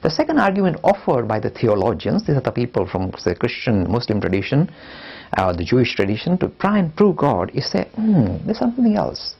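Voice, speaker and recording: Animated older man, gravelly lecturing voice. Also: medium pitch, fairly quick, muffled recording. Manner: animated, acts out imagined dialogue voices. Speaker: religious studies teacher. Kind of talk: lecture to students.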